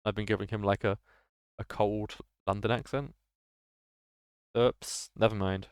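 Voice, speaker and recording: A man's voice: on the low side, fairly even intonation, measured pace, long pauses, clean tone, no echo. Playful male streamer, casual asides. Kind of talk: casual game commentary.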